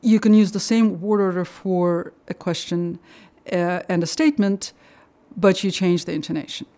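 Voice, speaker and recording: A thoughtful older woman whose first language is Russian appears as a translator and guest in an interview conversation. Her voice is lowish, steady and mellow, and she explains at length, often pausing to find the right word.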